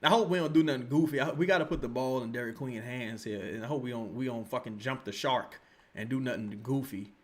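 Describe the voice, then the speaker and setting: A man, streaming live basketball commentary, excitable and swearing, erupting into shouts and then dropping to low muttering. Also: brisk. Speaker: sports streamer reacting to a live game.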